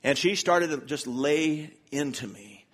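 A man's voice: on the high side, expressive, a little slow, fairly bright tone, husky. A man from the US South preaching a sermon in church, telling self-deprecating stories with humor. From Charlotte, North Carolina, US. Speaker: pastor. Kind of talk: sermon with personal storytelling.

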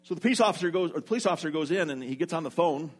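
Man preaching, lively storyteller. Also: fairly high pitch, very fast. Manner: lively storyteller who acts out what people said. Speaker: pastor. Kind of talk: sermon with a personal story.

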